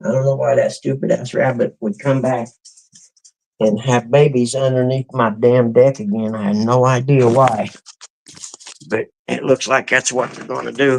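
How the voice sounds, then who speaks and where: A man's voice: medium pitch, flat delivery, normal speed, creaky, dry recording. A man talking casually to his dogs in a rambling, folksy way during a live stream, in his backyard and doorway at sunrise. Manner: folksy with country grammar. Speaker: vlogger.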